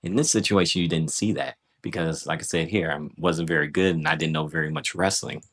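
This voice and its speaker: Low-voiced man breaking down his match. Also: steady tone, a little fast, a bit bright. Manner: loose, conversational, self-critical with frequent "right?". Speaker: grappler reviewing his own match. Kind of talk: casual match breakdown commentary.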